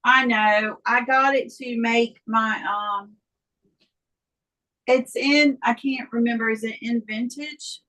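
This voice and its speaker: A woman's voice: a little high, fairly even intonation, pushed and bright, rough recording. A woman chatting as a guest on a sewing livestream, hesitant and full of ums. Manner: slow, hesitant, with many ums. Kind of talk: casual chat.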